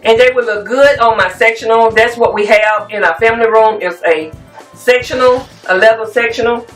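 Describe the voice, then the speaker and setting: This woman talks at a normal speed in a highish voice, showing her viewers home decor finds in a casual, slightly rambling show-and-tell. The sound is echoey and distant-miked, with soft music behind her.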